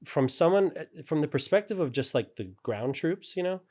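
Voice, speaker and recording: A man's voice: a little high, expressive, fairly quick, darkish tone. A man telling stories in a casual interview, rambling and laughing often. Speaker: character animator guest.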